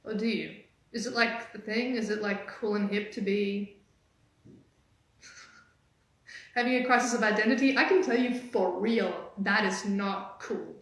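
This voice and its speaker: A woman dating coach giving energetic, teasing motivational talk on a live stream. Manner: energetic, teasing, fast-changing pitch. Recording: very echoey room.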